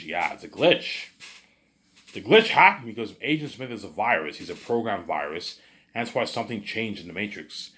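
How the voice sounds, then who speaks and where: A man with a very deep, low voice talks on his own in a loose, rambling monologue. He boasts and repeats himself, restarts his sentences and keeps tagging them with filler phrases. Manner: repetitive, restarts, keeps saying "obviously" and "you know what I'm saying". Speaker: vlogger.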